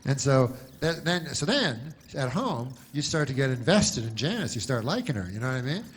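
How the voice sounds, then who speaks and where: A man telling a meandering stand-up story in a deadpan way, full of asides. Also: mid-range voice, normal speed, slight background noise. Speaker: stand-up comedian.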